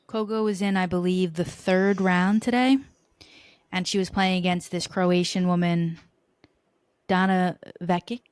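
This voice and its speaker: A woman with a slightly low voice hosting a podcast. She tells sports stories in an animated, playful way and swears casually. The sound is dry and close. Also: unhurried, clean tone, dry recording. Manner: animated storytelling, profane and playful. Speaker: podcast host.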